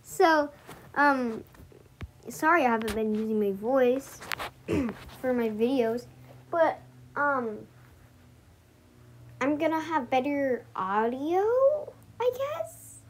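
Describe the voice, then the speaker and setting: This channel owner has a high, expressive voice and talks slowly with long pauses, over slight background noise. Her casual gameplay commentary is rambling and hesitant, with frequent giggles, captured through a screen recording with a voice mic.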